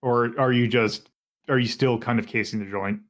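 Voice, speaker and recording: A man narrating as game master of a tabletop game in a halting, meandering way. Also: mid-range voice, fairly even intonation.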